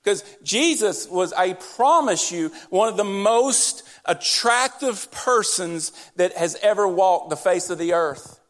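A man's voice: sits high, animated, slow, hardly any pauses. A man preaching a sermon in church, talking directly and conversationally to his congregation as their pastor. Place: church sanctuary during service.

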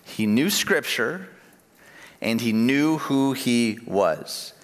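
A man preaching a sermon, animated, dropping low and soft on key phrases. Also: drawn-out words. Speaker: pastor. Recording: long reverb of a large hall.

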